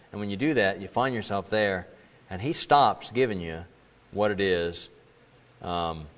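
A middle-aged male pastor preaching in an easy, conversational tone, at an ordinary pitch for a man. He sometimes acts out the voices of the people he quotes with sudden leaps upward. His voice carries the long reverb of a large hall. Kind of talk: sermon.

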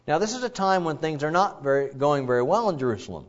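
A man preaches a sermon with theatrical energy and reads scripture dramatically. His fairly high voice swings widely in pitch. The recording sounds dull and lo-fi. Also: fast, hardly any pauses. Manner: animated, theatrical, acts out quotes.

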